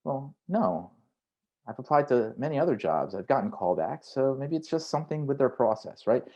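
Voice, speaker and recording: A man's voice: mid-range voice, very animated, normal speed, a little mellow, lo-fi sound. A man who is a career coach, giving an online workshop in a conversational way and often checking in with "right?". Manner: conversational, frequent "right?" tags; acts out inner voices in quotes.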